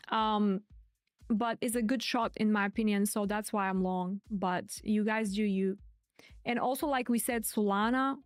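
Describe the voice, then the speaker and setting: A woman with a slightly high voice talks casually through market charts, peppering her speech with "like" and "right" as she addresses viewers directly. The sound is dry and close-miked. Faint music plays underneath. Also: no echo. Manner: chatty, filler-heavy, addresses viewers directly. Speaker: crypto trading streamer.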